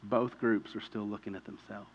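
A man preaching a sermon in a conversational way, telling vivid stories and building to loud pleading peaks. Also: on the low side, little pitch movement, normal speed, lo-fi sound. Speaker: pastor.

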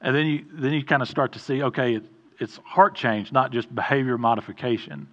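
A man's voice: mid-range voice, a little fast, a bit bright, dull audio. A middle-aged man preaching an informal sermon in a conversational way, often stopping, restarting and adding asides.

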